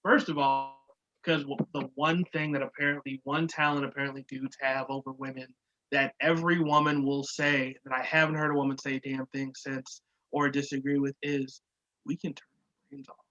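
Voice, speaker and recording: A man's voice: medium pitch, normal speed, dull audio. A man co-hosting a podcast, joking loosely and swearing as he riffs on a reality show. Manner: animated, joking, swears freely, laughs often. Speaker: podcast co-host. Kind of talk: casual TV recap chat.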